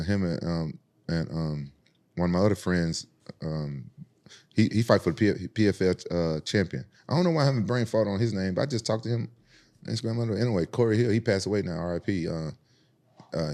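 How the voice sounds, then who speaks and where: This Memphis podcaster speaks in a deep, somewhat dark voice at a brisk clip. His storytelling is casual and full of profanity, and he performs the other characters' voices himself.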